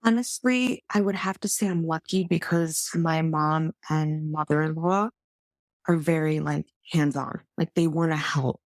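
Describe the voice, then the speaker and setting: Relaxed New woman, a little low. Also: unhurried, dry recording. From New Jersey, USA. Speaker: guest, stay-at-home mom. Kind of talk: casual chat.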